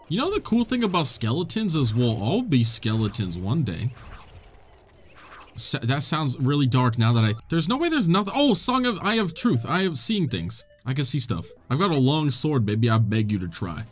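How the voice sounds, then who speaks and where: A man giving excitable, joking gameplay commentary, laughing often and talking to the characters on screen. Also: mid-range voice. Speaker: gamer.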